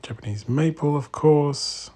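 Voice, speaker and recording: A man giving a casual walk-through commentary in an indoor exhibition room, speaking in quiet, murmured remarks that often drop to a whisper. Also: on the high side, unhurried, slightly rough. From Australia. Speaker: bonsai channel host.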